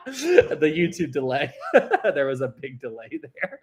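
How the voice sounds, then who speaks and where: A man's voice: a little high, sing-song, fairly quick, vocal fry, fairly bright tone, slight background noise. Chatty man hosting a live stream. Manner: chatty, rambling, laughs easily. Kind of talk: casual live chat with viewers.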